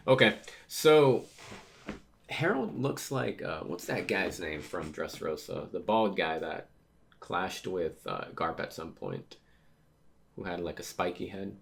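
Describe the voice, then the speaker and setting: A host reads a manga chapter aloud casually, commenting and reacting to the action while stumbling over words. His deep, gravelly voice stays low, with rough vocal fry at phrase endings, big pitch swings, a slow pace, and a slight hiss or hum.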